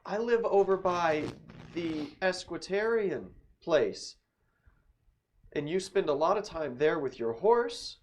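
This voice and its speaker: Tabletop game: pushy drunk young woman, high and lively, put on by a male game master. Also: takes it slowly. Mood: insistent.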